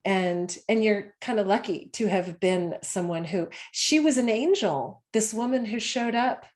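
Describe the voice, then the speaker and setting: Halting, reflective woman podcast host. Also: mid-range voice, darkish tone. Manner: reflective, halting, searching for words. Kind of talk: casual interview chat.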